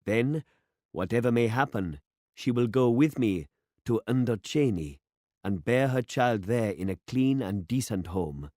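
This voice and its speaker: A man voicing a grave, elderly village pastor in a story read aloud, speaking slowly and formally. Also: mid-range voice, expressive, dark tone, no room sound, studio quality, voice pushed up, lightly acted. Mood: solemn. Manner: slow, solemn and formal.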